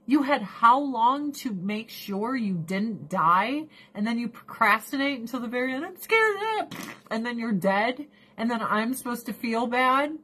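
A woman's voice: on the high side, unhurried, few pauses, sharp tone, breathy edge. A woman in her forties ranting casually, profane and exasperated, laughing often. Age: 40s. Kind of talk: casual rant.

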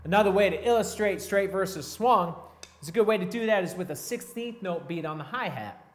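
A man teaching a drum lesson in a relaxed, step-by-step way, counting beats aloud between grooves. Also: high voice, a little fast. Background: drum playing.

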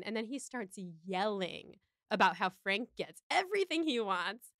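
A woman's voice: mid-range voice, expressive, normal speed, a bit bright, no room sound, studio quality. A woman hosting a podcast, recapping a film in casual chat with a wry, joking manner. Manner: chatty, wry, acts out quotes. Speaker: podcast host.

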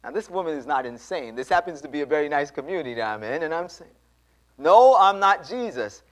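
A man preaching a sermon in a church, telling a story with animated delivery and acting out the dialogue. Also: a little high, fast talker. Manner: animated, acts out dialogue, addresses congregation.

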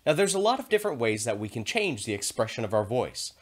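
A man teaching a theater video lesson to young children, speaking in a clear, encouraging and expressive way. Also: medium pitch, quick pace.

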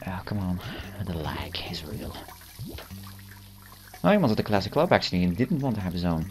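A teenage boy who hosts a channel gives rambling gameplay commentary, amused by himself and full of fillers and restarts. His voice is low, and he speaks rapid-fire and very animated.

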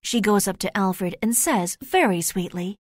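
Woman reading a storybook slow and clear, mid voice. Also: medium pitch, animated, no room sound, clean studio sound. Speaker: narrator. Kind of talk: scripted narration of a graded reader.

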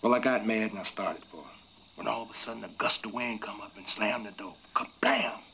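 A remorseful runaway on a raft speaks in a very low, gravelly rural Southern voice with a bright, forceful tone. He talks slowly and from the heart, sinking into near-whispers. A faint hiss of night ambience sits under him. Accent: Southern US rural dialect. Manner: slow heartfelt storytelling, drops to hushed whispers. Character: runaway grown man on a raft, tender, remorseful. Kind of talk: 1980s TV film drama acting.

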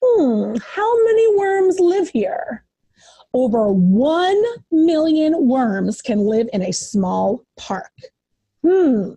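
A woman preschool teacher reading a picture book aloud to young children in an animated, sing-song way. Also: sits high, very slow, breathy edge.

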